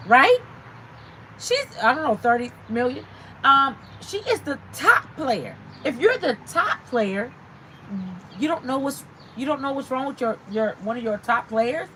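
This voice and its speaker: A woman's voice: high-pitched, pushed and bright, a little hiss or hum, poor audio. A woman hosting a casual livestream, chatting and reading out viewer comments. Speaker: livestream host.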